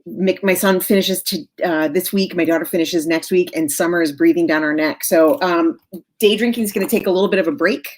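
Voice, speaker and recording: A chatty, enthusiastic woman in her forties hosts a relaxed interview over a video call. Her voice sits a little low, and she talks loosely, with plenty of fillers and bursts of laughter. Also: brisk. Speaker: host of an author interview show. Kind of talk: casual video chat interview.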